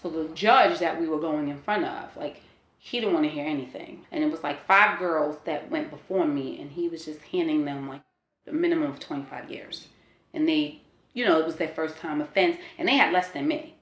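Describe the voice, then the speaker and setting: Low-voiced woman telling her story. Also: moderate pace, reverberant. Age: 40s. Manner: candid, earnest, many fillers like "you know" and "like". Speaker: interviewee sharing a personal testimony. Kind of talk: emotional personal storytelling.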